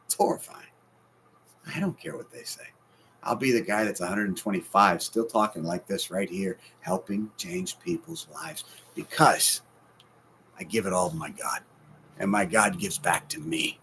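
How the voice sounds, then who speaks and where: A man in his forties preaching a heartfelt sermon, swinging between loud bursts and hushed, near-whispered lines. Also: on the low side, animated, moderate pace, gravelly, slight background noise. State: sleepless and stressed. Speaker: pastor.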